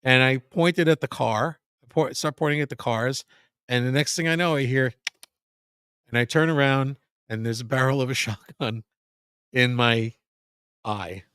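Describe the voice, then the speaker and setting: A man tells a long story as a podcast guest, swearing freely and stumbling over restarts. His voice sits at a middle pitch. The sound is dry and close. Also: normal speed, a bit bright, smooth, no echo. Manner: rambling, profane, frequent restarts. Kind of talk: casual storytelling.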